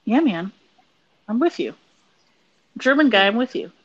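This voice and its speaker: A woman co-hosting a podcast in casual chat, animated, laughing often and trailing off into restarts. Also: a little high, a little slow, slightly rough, highs cut off. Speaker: podcast co-host.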